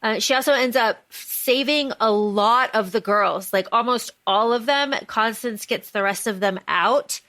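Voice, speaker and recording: A woman co-hosts a casual book podcast, recapping the story with animated energy and frequent swearing. Her voice sits a little high and carries a bright, forceful edge. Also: a little slow, hardly any pauses. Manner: animated, swears freely, recaps plot excitedly. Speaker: podcast co-host.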